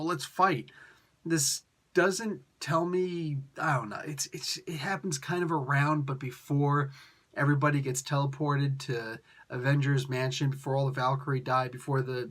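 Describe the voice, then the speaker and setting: A young man hosting a casual review, talking in an animated, sarcastic and exasperated way with slangy asides. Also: mid-range voice. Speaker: comic book reviewer.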